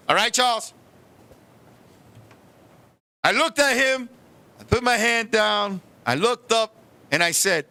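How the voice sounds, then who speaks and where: A man telling a comic story on a show, animated and profane, who keeps turning to his co-host. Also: very high voice. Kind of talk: comedic storytelling.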